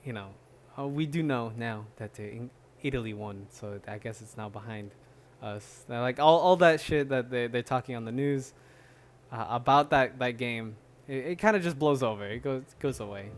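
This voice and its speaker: A man's voice: medium pitch, normal speed. Rambling, laid-back male podcast host. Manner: rambling, many fillers and restarts, laughs often. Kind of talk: casual solo podcast chat.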